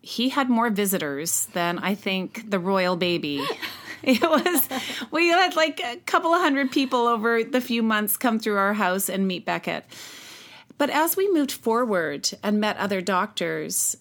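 A mother recounting her own story as an interview guest, earnest and halting with frequent restarts. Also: medium pitch, lively intonation, fairly bright tone. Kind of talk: personal storytelling in conversation.

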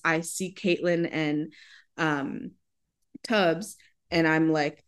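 Woman dancer, low-ish register, animated casual storyteller, heavy on fillers. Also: slow, smooth. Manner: animated, acts out quoted dialogue, many "like" fillers. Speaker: ballet dancer.

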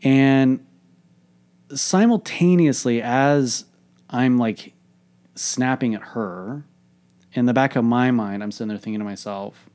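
A man's voice: medium pitch, takes it slowly, pauses often, darkish tone. A man, a coach, telling a candid personal story in a frank, reflective way, swearing freely.

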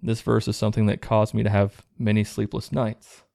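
A man hosting his own show, reading viewer letters aloud in a low-key, plain way and adding relaxed asides between them. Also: normal speed, gravelly, no room sound, clean studio sound. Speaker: host reading viewer stories.

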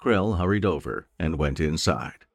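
A male audiobook narrator telling a fantasy tale with a gravelly, lowish voice. His reading moves with lively, expressive pitch, in a dry close recording with faint music underneath. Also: measured pace, dry recording. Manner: expressive storytelling.

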